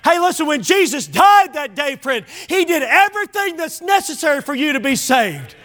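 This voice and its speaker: A male pastor preaching an impassioned sermon, often shouting and calling listeners "friend.". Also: very high-pitched, big pitch swings, moderate pace.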